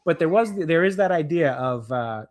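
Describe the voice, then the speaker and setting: A man's voice: a little high, animated, normal speed. Boston man musing with many restarts. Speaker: film podcast co-host. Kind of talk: casual chat.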